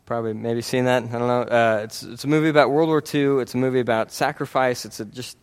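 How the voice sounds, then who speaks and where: This preacher speaks at a quick pace in a clean, medium-pitched voice with a steady tone. He addresses the congregation earnestly and conversationally, frequently checking in with a "right?" and restarting his thoughts.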